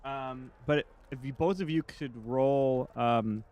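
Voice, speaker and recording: A man narrating as the game master of a tabletop game, unhurried and full of fillers. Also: medium pitch, highs cut off.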